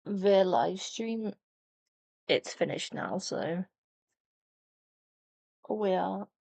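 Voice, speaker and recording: A woman streamer reacting to a game showcase in casual, excitable chat. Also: mid-range voice, drawn-out words, gravelly, no echo.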